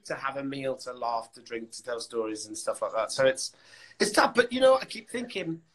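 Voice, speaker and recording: A man with a husky voice, chatting casually on a live stream, rambling and joking and often breaking off mid-sentence. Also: medium pitch, lively intonation, normal speed, a bit bright, poor audio. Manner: rambling, self-interrupting and jokey. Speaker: actor and live stream co-host.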